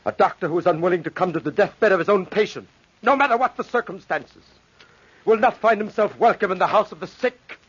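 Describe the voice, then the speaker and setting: A devoted husband desperate to save his dying wife, earnest and pleading, with a husky voice. The sound is a dull lo-fi 1940s radio drama broadcast. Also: high voice, fairly quick, a bit bright.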